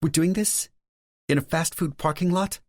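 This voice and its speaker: A man's voice: a little high, moderate pace, darkish tone, no room sound, clean studio sound, pitched above the performer's own voice, natural voice. A male narrator voicing a teasing, sassy young woman in an audiobook, speaking in a playful, bantering way.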